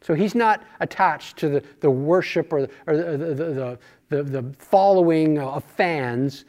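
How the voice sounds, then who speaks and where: Male Bible study teacher, high pitch, conversational, rhetorical questions. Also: measured pace, darkish tone.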